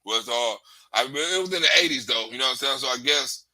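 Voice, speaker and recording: A man's voice: mid-range voice, expressive, quick pace, sharp tone, no room sound. A man telling loose, rambling comic stories in a casual stand-up manner, often laughing and acting out the voices of the people he quotes. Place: Hollywood.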